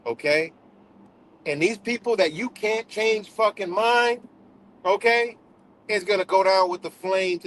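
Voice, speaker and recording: A man's voice: high voice, slight background noise, rough recording. A man hosting a livestream in a casual, profane rant, repeating himself for emphasis. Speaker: livestream host.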